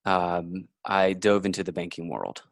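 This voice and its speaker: Male podcast guest, low and dry-sounding, methodical and good-humored. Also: unhurried, vocal fry, no room sound. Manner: explanatory, steady, laughs easily. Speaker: guest, finance author. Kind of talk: conversational interview answers.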